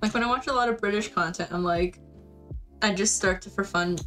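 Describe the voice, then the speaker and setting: A playful woman chatting casually on a live stream, breaking into giggles often. Her voice sits at an ordinary middle pitch. Faint music plays underneath. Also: a little fast, fairly bright tone.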